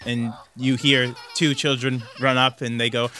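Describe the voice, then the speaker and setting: A man running a tabletop role-playing game, painting each scene in a loose, conversational way. His voice is bright and sits in an ordinary pitch range for a man. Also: flat delivery, a little slow, slight background noise. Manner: descriptive, conversational, with frequent "like" and "kind of". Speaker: game master.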